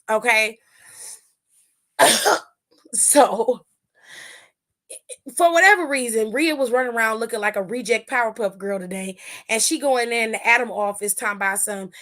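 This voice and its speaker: A woman's voice: on the high side, normal speed, long pauses. A woman hosting a wrestling recap show, telling it in a blunt, sassy and profane casual chat, often acting out what people said. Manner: animated, acts out the wrestlers' lines.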